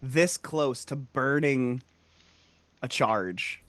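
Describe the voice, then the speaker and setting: A man's voice: mid-range voice, very slow, fairly bright tone, no echo. A man playing in a tabletop game, grumbling and exasperated about his dice. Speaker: player. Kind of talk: casual tabletop play.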